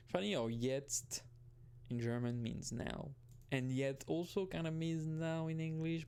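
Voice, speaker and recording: A man's voice: mid-range voice, creaky, darkish tone, clear, resonant tone. A young man giving rambling, casual gameplay commentary, often restarting and swearing casually. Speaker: gaming video host.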